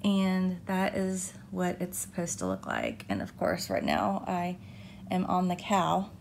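A woman's voice: on the low side, big pitch swings, a little slow, gravelly, a little hiss or hum. A woman chatting casually about her cross-stitch, rambling with fillers and correcting herself. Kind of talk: casual show-and-tell chat. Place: condo balcony by the beach.

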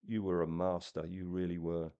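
A man with a deep, low voice reads a fantasy tale aloud and then talks about it eagerly. His speech stumbles now and then as he restarts his sentences. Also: level tone, warm tone, lo-fi sound. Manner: enthusiastic, halting. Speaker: comic and book reviewer. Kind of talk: reading aloud and casual chat.

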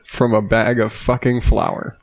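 A man's voice: mid-range voice, little pitch movement, a little slow. A man co-hosting a podcast in casual chat, rambling and acting out little quoted asides, with the odd swear. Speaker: podcast co-host, father of four.

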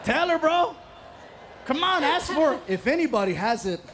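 A man's voice: sits high, animated, moderate pace, a little hiss or hum. A man voicing his pushy friend, teasing and insistent, in a stand-up bit. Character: man's buddy egging him on, pushy young man.

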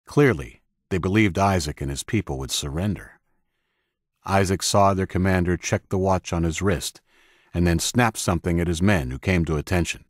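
Male audiobook narrator, very low voice, steady measured delivery, dry close studio sound. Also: no echo. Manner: steady, measured reading of action scenes. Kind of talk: scripted narration.

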